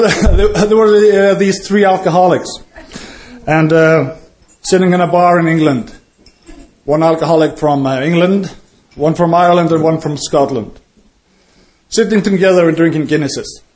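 A man hosting a meeting and telling a joke, often chuckling as he goes. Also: fairly high pitch. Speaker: meeting host.

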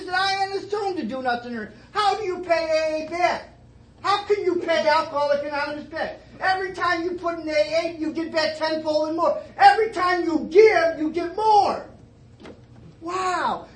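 A middle-aged man telling his story at a twelve-step meeting, starting low and emotional and rising to fervent emphasis, with many repeated phrases. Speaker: recovering alcoholic sharing his story. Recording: echoey meeting room, faint noise.

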